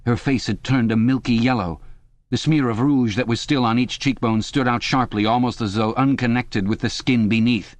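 A man reading an audiobook in a measured, dramatic scripted narration, close to the mic. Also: medium pitch, fairly even intonation, dry recording.

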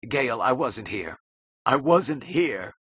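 Male reader doing a panicked, feverish editor; cracked hoarse whisper, jumpy and bright. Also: lowish voice, lively intonation, moderate pace, no echo, voice pushed up, exaggerated voice. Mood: pleading. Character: panicked sick middle-aged male newspaper editor.

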